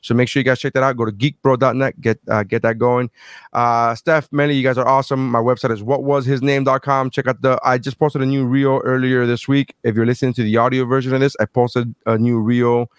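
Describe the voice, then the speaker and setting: A man hosting a casual podcast, telling stories profanely and loudly quoting himself. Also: mid-range voice, level tone, a little fast, smooth, no room sound. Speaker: podcast host.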